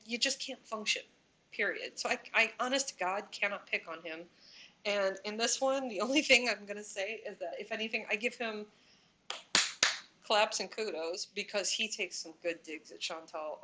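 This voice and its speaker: A woman hosting a reaction commentary channel, her voice bright and forward. She rambles and speculates, leaning on fillers as she works through her point. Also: mid-range voice.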